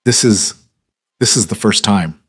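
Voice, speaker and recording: A man's voice: fairly low pitch, a little slow, a bit bright, slightly rough, no echo, clean studio sound. A man voicing a frightened young waitress who stammers through her apologies. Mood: flustered.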